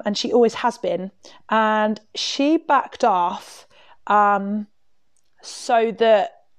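A woman talks through a personal story on her podcast in a candid, chatty way, poking fun at herself and leaning on casual fillers. Her voice sits at an ordinary middle pitch. The recording is dry and close, with no room echo. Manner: candid, chatty, self-mocking, many "like"s. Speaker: podcast host.

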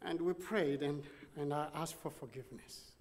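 A man's voice: fairly high pitch, moderate pace, a little hiss or hum. A man from the United States with a Texan accent, preaching and telling a story while acting out both sides of the conversation. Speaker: pastor. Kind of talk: sermon storytelling. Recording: long reverb of a large hall.

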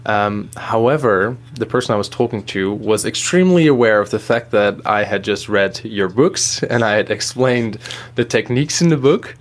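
A man's voice: fairly low pitch, expressive, normal speed. A man interviewing a guest, speaking hesitantly with fillers. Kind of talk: conversational interview.

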